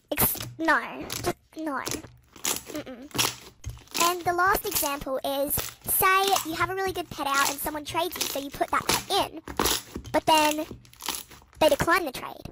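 A text-to-speech woman's voice reading a storytime in a quick, chirpy way. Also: sits high, heavy background noise. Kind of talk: synthetic storytime narration. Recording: music bed under the voice.

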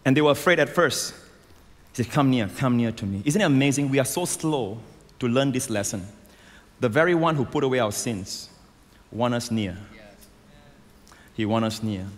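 A man preaching a sermon as a pastor, emphatic and rising to loud exclamations, on a stage microphone in a large church. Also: mid-range voice, lively intonation, moderate pace, long pauses. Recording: long hall reverb.

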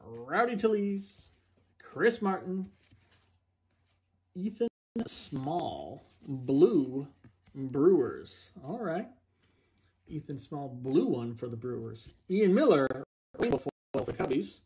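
A man's voice: on the high side, very animated, a little mellow. A man reading out player names during a card box break, with playful asides. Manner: slow, singsong name-calling with playful asides.

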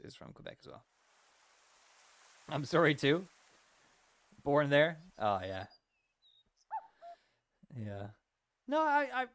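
A young Canadian man streaming a farming game, chatting casually with viewers, excitable and apologetic, sometimes shouting. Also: mid-range voice, a little hiss or hum. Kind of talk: casual live-stream chat. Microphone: desk mic.

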